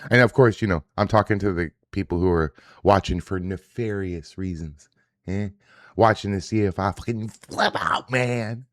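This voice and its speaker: A man's voice: sits low, moderate pace, no room sound, studio quality. A man hosting a daily reaction livestream, ranting in a profane, combative, casual way. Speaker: host. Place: indoors, home setup.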